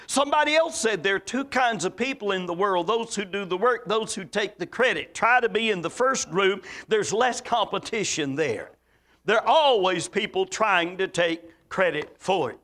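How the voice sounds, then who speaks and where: A preacher from the American South, with a Southern accent, giving a folksy, emphatic sermon full of stories and quotes. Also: male voice, sits high, lively intonation, moderate pace, bright, forceful tone.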